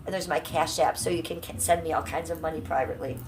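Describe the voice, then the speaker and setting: A woman's voice: deep voice, fairly even intonation, fast talker, slight background noise. A woman from Ohio streaming live from home, chatting with her viewers in a blunt, brash, profane way. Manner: chatty, talks straight to chat. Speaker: livestreamer. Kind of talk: casual livestream chat with viewers.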